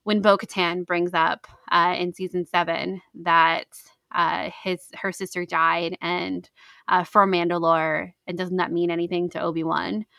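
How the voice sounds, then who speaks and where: A woman's voice: fairly low pitch, level tone, measured pace, gravelly, sharp tone, no echo. A woman co-hosting a casual discussion, rambling with many fillers and correcting herself as she goes.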